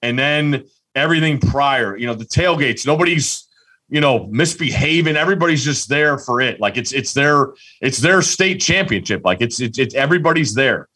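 A man co-hosting a casual sports podcast, telling a story excitedly with lots of restarts. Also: mid-range voice, moderate pace. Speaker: podcast co-host.

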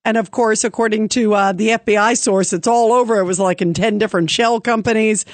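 A woman's voice: medium pitch, steady tone, brisk, no room sound. A woman hosting call-in talk radio from a studio. She talks in an opinionated, chatty way, full of ums and asides. Her mid-range voice sits close and dry on the mic. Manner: chatty, opinionated, many fillers. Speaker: radio talk show host.

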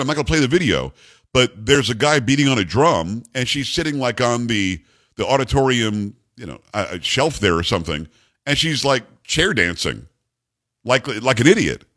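A man hosts a call-in radio show with a blunt, opinionated delivery and is quick to push back on callers. He is from Long Island. His voice sits at a middle pitch, recorded dry and close in the studio with no room echo. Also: lively intonation, fairly bright tone. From Long Island, New York. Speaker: radio talk show host. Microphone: studio microphone.

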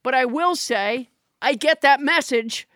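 A woman's voice: high voice, unhurried, fairly bright tone, no echo, studio quality. A woman comedian chatting on a podcast, telling wry rambling stories with asides. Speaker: comedian co-host. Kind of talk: casual comic chat.

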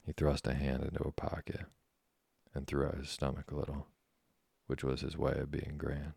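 A man calmly narrating a classic sea novel as a bedtime story. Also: a bass voice, moderate pace, gravelly, husky, no room sound.

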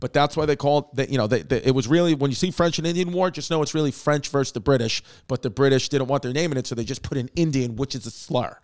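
A brash man tells history as a stand-up comedy routine. He is profane and rambling, and he keeps breaking off into jokes and asides. His voice sits at an ordinary middle pitch for a man. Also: fast talker, few pauses, darkish tone. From Brooklyn, New York.

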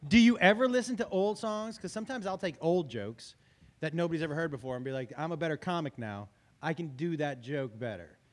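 A man's voice: on the high side, brisk. A man hosting a casual chat, telling funny stories with laughter and profanity. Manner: animated, laughing, profane storyteller. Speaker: podcast host and comedian.

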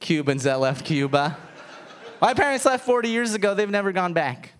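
A man in his thirties, a stand-up comedian, talking in an animated, self-mocking way with frequent laughter. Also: sits high, normal speed, clean tone. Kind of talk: stand-up set, then interview.

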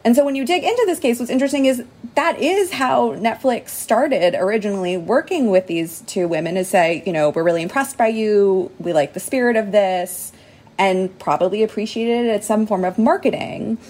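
A woman appearing as a legal expert guest on a podcast, explaining things in a measured way. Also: medium pitch, darkish tone. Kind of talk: podcast discussion.

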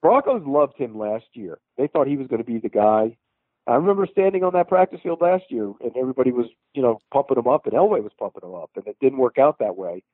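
A man's voice: mid-range voice, lively intonation, fast talker, dry recording. A man calling in as a football reporter, giving sports analysis in a matter-of-fact, confident way. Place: at a team practice facility. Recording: tinny phone line.

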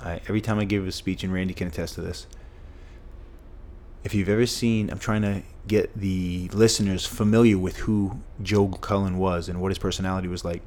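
A middle-aged man from Massachusetts, once a football player, tells stories as a guest on a podcast. His voice is deep and mellow-edged, level in tone and a touch fast. He speaks emphatically and likes to repeat phrases for punch.

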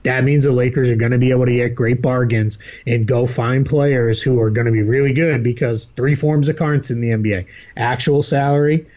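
A man's voice: medium pitch, a little fast, few pauses. Boston-accented man with slightly muffled audio. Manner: animated, laughs easily. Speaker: podcast co-host. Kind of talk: casual podcast chat.

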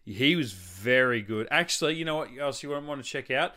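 An Australian man chatting casually as a podcast co-host. He rambles through his stories and drops swear words without a second thought. His voice sits at an ordinary middle pitch. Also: a little fast. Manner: swears freely, rambling and animated. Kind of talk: casual chat.

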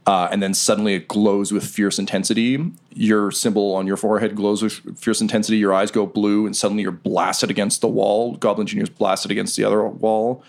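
A man running a tabletop game as game master, narrating scenes in a relaxed, rambling way. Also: lowish voice, fairly quick.

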